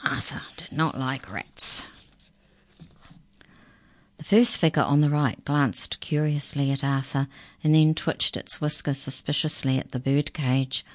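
Low, slow woman storyteller for children; dry close recording. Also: dry recording. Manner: unhurried, expressive reading. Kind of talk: storybook reading.

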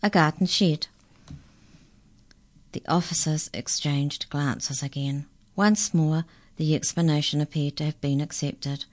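Low, slow woman storyteller for children; dry close recording. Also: no echo. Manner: unhurried, expressive reading. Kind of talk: storybook reading.

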